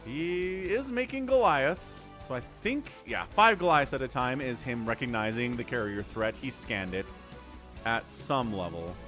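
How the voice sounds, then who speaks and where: A man calling a strategy game live on stream, his voice bright and lively, swinging up and down as the action shifts. He chats with viewers between plays, and faint music sits underneath. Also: mid-range voice, a little slow. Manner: animated, chatty, thanks viewers mid-play. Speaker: stream host and game commentator.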